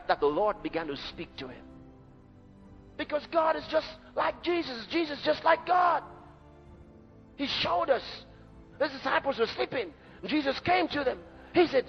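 A man's voice: very high-pitched, sing-song, normal speed. A man preaching a sermon in an emphatic, dramatic way. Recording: dull echoey hall recording with faint music.

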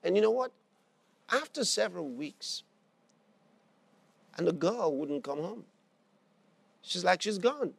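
A man's voice: high-pitched, animated, slow pace, vocal fry, pauses often, breathy edge, dry recording. A man preaching a sermon and telling a story, repeating his phrases for emphasis.

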